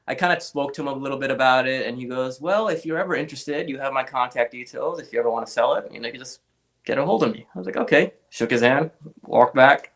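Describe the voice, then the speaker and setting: A man in his young adult years chats casually as an interview guest, spinning animated anecdotes. His speaking pitch sits in the middle range, and he slips into other people's voices when he quotes them. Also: quick pace. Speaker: guest, comic art collector.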